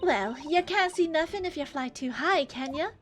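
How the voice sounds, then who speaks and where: A woman's voice: high voice, lively intonation, normal speed, faint music behind, pitched above the performer's own voice. A woman voicing a boastful, slangy young policewoman. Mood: cheeky. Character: spirited young female police inspector. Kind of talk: reading a game aloud with voices.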